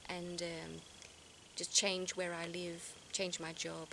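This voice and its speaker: A woman's voice: on the low side, completely flat delivery, slow pace, vocal fry, pushed and bright, low-quality recording. A woman speaking reflectively to her viewers in a personal vlog, earnest and searching, often restarting her sentences. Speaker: vlogger. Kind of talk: reflective personal talk to camera. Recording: outdoor noise behind voice.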